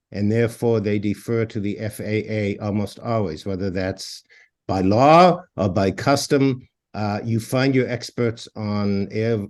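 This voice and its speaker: A man on a video call answers a question in a measured, assured way. His voice sits a little low. He sounds sure of his facts. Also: darkish tone. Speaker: co-presenter.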